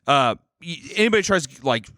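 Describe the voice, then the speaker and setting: A young man co-hosting a podcast, telling a story in a casual, animated way, swearing freely and acting out quotes. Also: a little high, normal speed, no room sound, clean studio sound. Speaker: podcast co-host.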